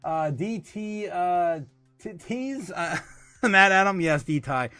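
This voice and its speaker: A man's voice: high-pitched, expressive, slow, bright, forceful tone, clean tone, faint music behind. A man hosting a crypto livestream, casually reading out viewer comments with lots of laughter and filler words. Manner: laughs often, hesitant with many fillers.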